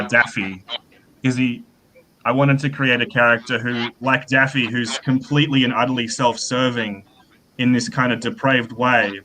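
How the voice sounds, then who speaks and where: A man's voice: mid-range voice, sharp tone, poor audio. A male author in a casual interview, explaining his ideas in a thoughtful, rambling way with frequent fillers. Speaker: author guest.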